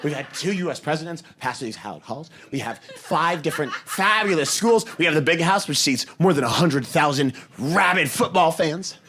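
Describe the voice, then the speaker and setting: A man's voice: a little high, lively intonation, normal speed, few pauses, sharp tone. A man doing a chirpy campus tour guide. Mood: boastful. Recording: live stage recording with audience noise.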